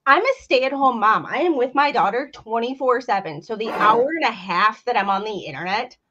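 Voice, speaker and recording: A woman's voice: on the high side, lively intonation, normal speed, highs cut off, background noise. A woman hosting a casual livestream chat from home, talking loosely and laughing between remarks. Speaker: host.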